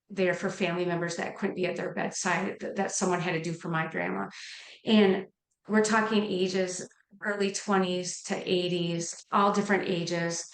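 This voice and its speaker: A middle-aged woman, a nurse, telling her personal story in an interview with earnest, heartfelt feeling. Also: on the low side. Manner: earnest, heartfelt, gets emotional. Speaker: nurse and life coach, podcast guest. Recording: echoey room.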